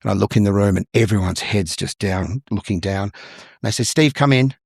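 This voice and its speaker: A middle-aged man with an Australian accent, talking as an interview guest in a lowish voice with a gravelly edge. He tells stories from his career with energy and slips into the voices of the people he quotes. The sound is dry and close. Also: moderate pace, no echo. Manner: lively storyteller who acts out the people he quotes. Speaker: guest, musical theatre performer. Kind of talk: interview storytelling.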